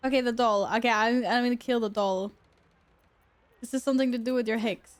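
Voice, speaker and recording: A woman's voice: on the high side, fairly even intonation, a little fast. A young woman streamer giving casual gameplay commentary, chatty and easily amused, talking back to the game.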